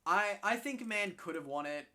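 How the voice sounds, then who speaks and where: A man in casual game commentary, excitable and swearing freely, often restarting his sentences. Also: high-pitched, moderate pace. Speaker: co-host commentating league matches.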